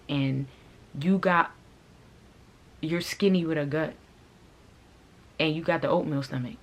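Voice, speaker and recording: A woman vlogger who owns a clothing brand tells a storytime to camera, blunt, profane, and fired up. Her deep voice is a little slow and she pauses often. She comes from a Haitian family.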